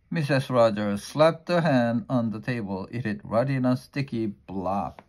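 A man reading a children's storybook aloud in a plain, unhurried way, slowing down for effect. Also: medium pitch, darkish tone. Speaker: storybook reader.

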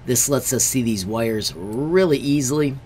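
A man's voice: medium pitch, lively intonation, measured pace, a little mellow, slight background noise. A man, a teacher, walking through a screen-recorded tutorial step by step, friendly and stressing warnings. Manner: friendly, repeatedly says friends.

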